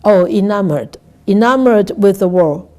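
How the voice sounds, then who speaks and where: A Buddhist nun giving a dharma talk. She speaks haltingly, repeats words and keeps asking "right?". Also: medium pitch, dark tone. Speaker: Buddhist nun teaching scripture.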